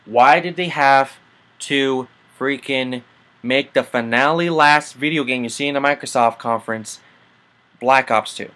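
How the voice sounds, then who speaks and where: A man's voice: mid-range voice, a little slow, a bit bright. A man hosting a casual gaming news vlog, rambling and swearing through annoyed asides. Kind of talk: casual rant to camera.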